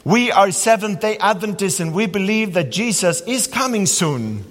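A fairly high-voiced man delivers a sermon, shifting into lively storytelling as he preaches. His voice rings out with a long reverb from a large church hall. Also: moderate pace. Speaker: pastor.

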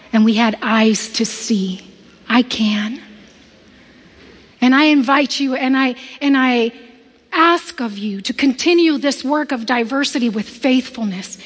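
Her voice is on the high side with a breathy edge, echoing as though in a big room. She's preaching, animatedly relating a personal story and giving voice to the people who appear in it.

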